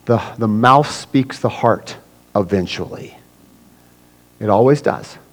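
A man preaching to his church in a conversational way, often acting out little scenes with other people's voices. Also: poor audio. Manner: conversational preaching, acts out voices of people with big swings in pitch and loudness. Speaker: pastor. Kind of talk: sermon.

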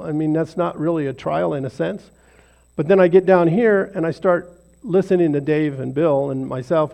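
Gravelly, mellow man giving a devotional. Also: a little high. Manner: rambling, self-deprecating, conversational. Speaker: lay speaker leading a devotional. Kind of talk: informal devotional talk. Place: small group gathering.

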